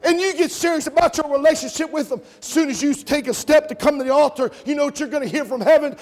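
A man preaching a revival sermon, telling stories that swell to shouts and drop to a hush, ending in an altar call. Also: fast talker, few pauses. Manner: storytelling, voice swells to shouts then drops low.

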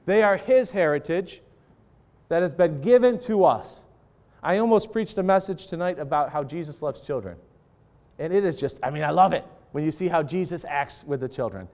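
A male pastor delivering a sermon in a slightly raised voice. He preaches with passion, letting his voice swell for acted prayers and sink low for quiet appeals. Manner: impassioned preaching, voice rising and falling for acted prayers.

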